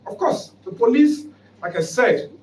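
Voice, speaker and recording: A man's voice: very high-pitched, wildly swooping pitch, measured pace, a little mellow. A man with a Nigerian English accent, a human rights foundation spokesman giving an emphatic, formal press conference statement. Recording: roomy hall, distant mic, faint background noise.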